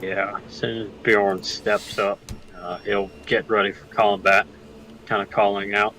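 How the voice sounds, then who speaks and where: A man plays in a tabletop game and describes his character's moves in detail. His voice is low and flat, with a bright, forceful edge. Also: unhurried, a little hiss or hum, poor audio. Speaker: player. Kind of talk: casual tabletop play.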